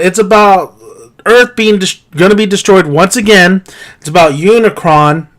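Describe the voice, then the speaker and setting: High-voiced man ranting a film review. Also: normal speed, fairly bright tone. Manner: exasperated, incredulous rhetorical questions; profane, laughs between points. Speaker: movie reviewer.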